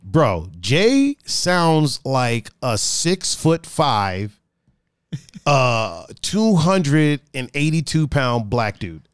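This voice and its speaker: A man's voice: medium pitch, sing-song, very slow, clean tone, dry recording, studio quality. A man hosting a casual podcast, joking and rambling with restarts as he reads out the live chat.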